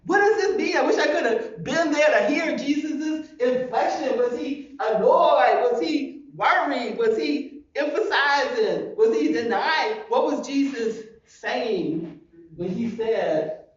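Slow, high-voiced woman preaching in an echoey hall. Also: animated. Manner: emphatic, asks rhetorical questions. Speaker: pastor. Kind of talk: sermon. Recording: echoey, distant, dull church recording.

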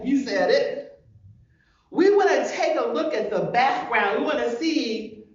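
A woman's voice: a little high, dull audio. A woman pastor preaching a sermon, emphatic and full of rhetorical questions, recorded from a distance in a large church hall.

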